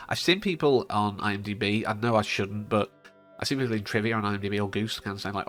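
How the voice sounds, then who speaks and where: Male film reviewer, lowish voice, chatty and digressive, faint music underneath. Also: expressive, quick pace, fairly bright tone. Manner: chatty, digressive, frequent fillers. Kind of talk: casual spoken film review. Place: home studio in front of a green screen.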